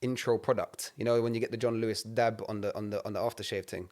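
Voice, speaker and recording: A man's voice: fairly low pitch, quick pace. Young man in slangy podcast chat. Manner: London slang, swearing, animated storytelling. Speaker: podcast co-host. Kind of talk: casual chat.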